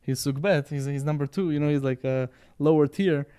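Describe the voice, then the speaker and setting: A man's voice: on the high side, fairly quick, warm tone, smooth. A man in casual podcast conversation, rambling and repeating words, often checking in with "right?" and "you know". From Sephardi background.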